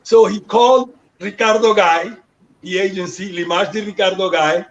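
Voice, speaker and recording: Heard through muffled, low-fidelity audio, a Panamanian man in his sixties talks at a normal speed in a high voice. As an interview guest, he narrates his life story and imitates the voices of people from it.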